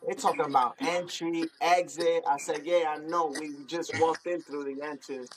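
Excitable man telling a wild story. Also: on the high side, moderate pace. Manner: excitable, laughing, acts out dialogue. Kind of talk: animated anecdote, quoting others. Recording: crowd noise behind.

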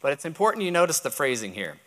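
Bright-voiced Texan pastor teaching. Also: male voice, a little high, sing-song, fast talker. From Texas. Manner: explanatory, repeats key points, checks understanding. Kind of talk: sermon teaching.

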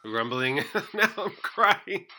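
A man acting as a frantic, melodramatic police officer in a comedy sketch, stammering and yelling in panic. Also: on the high side, big pitch swings, takes it slowly, poor audio.

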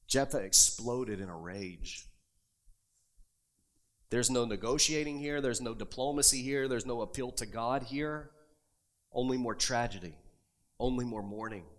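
A man preaching a sermon, reading scripture aloud and pressing his points with rising emphasis. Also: medium pitch. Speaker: pastor.

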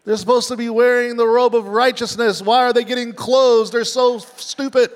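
A preacher puts on a fussy, scandalized God figure, pitched up high with exaggerated indignation. The voice rings out with a long hall reverb. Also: male voice, fairly even intonation, moderate pace. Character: fussy, scandalized male God as wrongly imagined.

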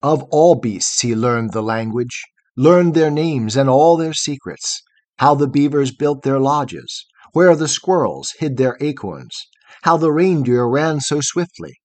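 A man's voice: mid-range voice, darkish tone, dry recording. A man reading a long poem aloud in a rhythmic, chanting cadence. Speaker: reader. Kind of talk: poetry reading.

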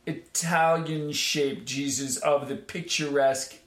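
A man co-hosting a podcast, joking quickly and laughing often. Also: a little high, steady tone, over a noisy crowd. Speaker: podcast co-host. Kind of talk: casual podcast chat. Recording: echoey room with loud noise.

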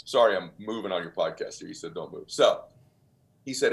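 Deep-voiced man telling an earnest story. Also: lively intonation, brisk, gravelly. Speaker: podcast guest, author. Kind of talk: storytelling in an interview.

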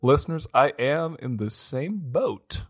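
A man's voice: fairly high pitch, expressive, a little slow. A man co-hosting a casual movie review podcast, rambling with restarts and chuckles. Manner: rambling, with many restarts and laughs. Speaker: podcast co-host.

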